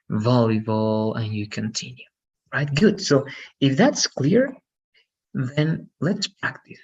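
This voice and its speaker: A man's voice: medium pitch, creaky, a bit bright. A man teaching an English lesson, patiently explaining and often checking in with "right?".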